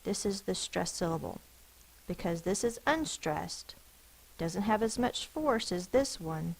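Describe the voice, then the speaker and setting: A woman teaching a phonics lesson, slowly sounding out each letter and syllable of spelling words. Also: fairly low pitch, animated, gravelly, slightly rough, rough recording. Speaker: elementary school teacher.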